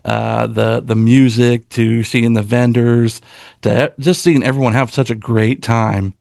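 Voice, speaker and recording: A man's voice: medium pitch, creaky, darkish tone, dry recording, clean studio sound. A man co-hosting a casual roundtable podcast, speaking in an earnest, heartfelt way with frequent restarts.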